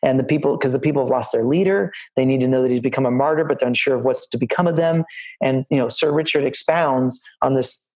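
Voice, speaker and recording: A man's voice: mid-range voice, fast talker, darkish tone, low-quality recording. Middle-aged man sharing set stories over a video call, loose and rambling. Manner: anecdotal and rambling, with many restarts. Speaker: line producer giving career advice. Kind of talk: talk to film students on a video call.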